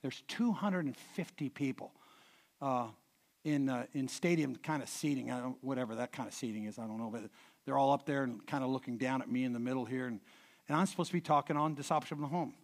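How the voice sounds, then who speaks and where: A middle-aged man preaching a sermon, telling stories with many restarts and repeated words, dropping quiet and then swelling loud for emphasis. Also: mid-range voice, fast talker. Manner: animated storyteller, swings from hushed to loud emphasis. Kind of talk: sermon with anecdotes.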